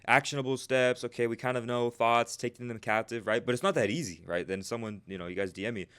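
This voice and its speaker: Fast and smooth with few pauses, a man's slightly bright mid-range voice comes through. He's coaching traders on a live stream in a chatty, casual way, addressing viewers in the chat by name and repeating "right?" after nearly every point.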